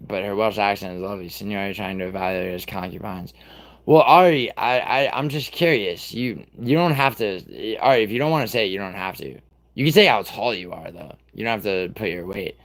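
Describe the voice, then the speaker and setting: A man's voice: low voice, vocal fry, a bit bright. A man in his thirties hosting a livestream, chatting casually with viewers in a rambling, profane way. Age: 30s. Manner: profane, rambling, talks to chat by name. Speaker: livestream host.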